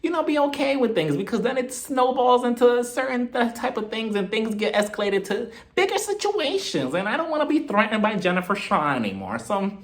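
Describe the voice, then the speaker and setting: Dude doing a high soft-spoken reality show lady, all zen and preachy. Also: sing-song, a little fast, few pauses, heavily acted. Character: preachy adult woman reality star, falsely calm.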